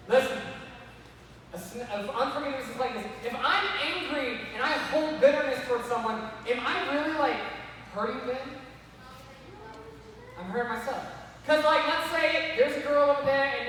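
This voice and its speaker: A man preaching to kids, animated and repeatedly calling them to listen. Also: extremely high pitch. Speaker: youth speaker. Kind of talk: sermon to kids. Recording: echoey hall from far off, faint noise.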